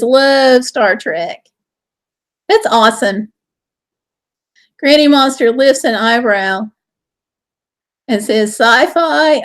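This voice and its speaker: A woman's voice: high-pitched, fairly bright tone. A woman hosting a casual live stream from home, with a Southern US accent, cheerfully reading viewer comments aloud.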